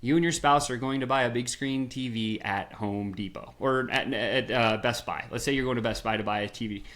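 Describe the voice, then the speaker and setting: A man who is a sales strategist, guesting on a podcast and talking in an energetic, punchy way full of rhetorical questions. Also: mid-range voice, a little fast. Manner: animated, acts out little scenes in voices. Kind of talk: energetic storytelling.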